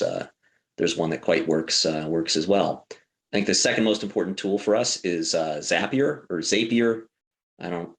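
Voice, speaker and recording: A man who runs a law firm, speaking on a webinar panel in a loose, halting way with many fillers and restarts. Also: low voice, a bit bright. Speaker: lawyer and law firm owner.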